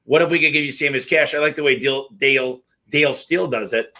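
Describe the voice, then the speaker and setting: A man's voice: medium pitch, fast talker, pushed and bright. A male host chatting casually with a guest. He is enthusiastic and jokey and tells anecdotes. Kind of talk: casual business interview chat.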